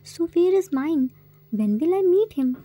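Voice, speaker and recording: A woman's voice: very high voice, expressive, measured pace, mellow. A woman voicing a young man who asks questions in a plain way, in a story reading. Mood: curious. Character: young man, curious and tender.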